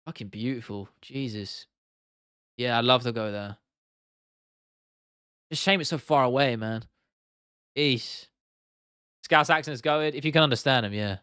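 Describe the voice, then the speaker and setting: A man's voice: medium pitch, measured pace, long pauses, bright, forceful tone, clean tone, no room sound, clean studio sound. A young English man with an English accent, chatting casually on a live stream, reading chat aloud and swearing freely. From England.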